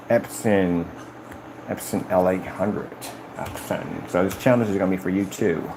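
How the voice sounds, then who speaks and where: A man talking casually on a live stream about his company's products, boastful and animated, often acting out conversations in a raised voice. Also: noisy background. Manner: animated, boastful, retells conversations in high-pitched quoted voices.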